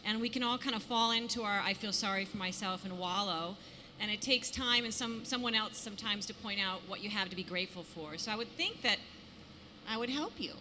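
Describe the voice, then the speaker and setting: Theatrical woman, warm bright tone. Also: medium pitch, fairly quick, a little hiss or hum. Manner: theatrical, affectionate. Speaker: panelist actress. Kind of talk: panel answer. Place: convention hall stage. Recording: reverb from a large hall.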